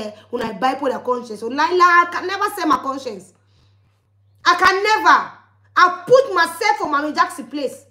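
Scolding high-voiced woman, pidgin accent. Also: bright, forceful tone, reverberant. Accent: West African Pidgin English. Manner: scolding, heated, with repeated warnings. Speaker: vlogger. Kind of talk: angry ranting monologue to viewers.

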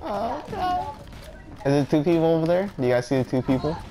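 A man's voice: fairly high pitch, rapid-fire, low-quality recording. A young man chatting casually and joking with friends while playing a video game. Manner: joking, playful, laughs often. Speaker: gamer. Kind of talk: casual gameplay chat. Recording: game music behind voice. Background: music.

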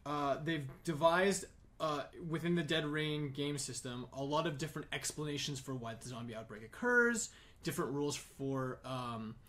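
A man's voice: on the high side, normal speed, a bit bright. A man running a tabletop game, explaining the rules while thinking aloud. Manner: rambling, thinking aloud with fillers. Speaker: game master.

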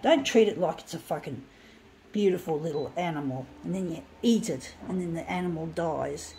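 A woman's voice: mid-range voice, a little slow, warm tone, slight background noise, rough recording. A woman ranting angrily and swearing while working on a craft project, indignant and blunt. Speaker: craft vlogger.

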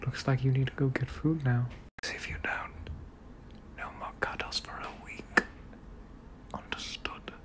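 A man voicing a doting, bossy young British gentleman in whispered role-play, using a put-on posh British accent and a soft, breathy whisper while gently scolding. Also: medium pitch, little pitch movement, unhurried, pauses often, voice pushed down, lightly acted. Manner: gently scolding, affectionate, prim.

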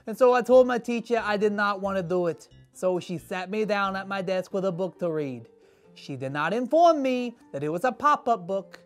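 A performer voicing a sarcastic, easily annoyed kid character in a kids' church skit, grumbling in a dry, deadpan way, with faint music behind. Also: mid-range voice, natural voice.

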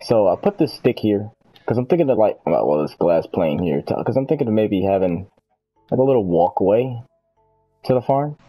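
A man's voice: fairly low pitch, lively intonation, normal speed, husky, dull audio, faint music behind. A man hosting a gaming video, chatting casually and rambling through self-corrections while he plays. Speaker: gaming channel host. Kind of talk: casual gameplay chat.

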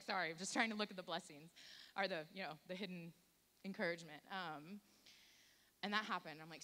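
A woman's voice: on the low side, expressive, brisk, bright, forceful tone. A woman giving a candid, self-deprecating personal testimony to a church congregation, full of jokes. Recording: faint hiss.

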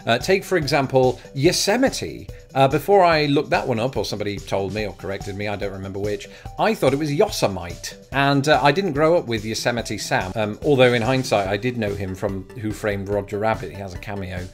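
A man's voice: on the low side, fairly quick, few pauses, soft background music. A young English man hosting a casual vlog, talking with wry, self-deprecating asides. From England. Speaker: YouTube host.

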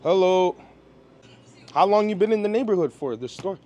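High-voiced easygoing man. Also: lively intonation, normal speed, warm tone, a little hiss or hum. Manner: easygoing, says "yeah" and "man" a lot. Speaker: vlogger and rapper. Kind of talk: casual street interviews. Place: outdoors in city streets.

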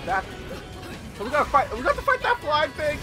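Young guy hyped up playing a game, cursing a lot, super lively voice, game music loud behind. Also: very high-pitched, brisk, a crowd in the background. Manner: excitable, swears, mimics lines. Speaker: gameplay video host. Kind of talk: casual gameplay commentary.

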